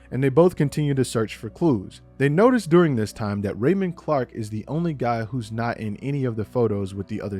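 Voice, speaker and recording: A man's voice: mid-range voice, darkish tone. A young adult man giving a casual, joking recap and review of a TV episode, with some swearing.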